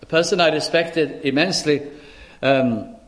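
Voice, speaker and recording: A male minister delivers a sermon in a voice pitched on the high side. He pleads earnestly, stacking up rhetorical questions and quoting scripture in its old wording. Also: normal speed.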